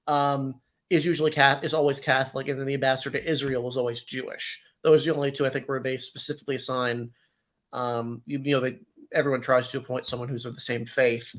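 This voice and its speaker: A man's voice: medium pitch, level tone, quick pace, fairly bright tone. A man co-hosting an election stream, explaining facts in casual chat with many fillers and self-corrections.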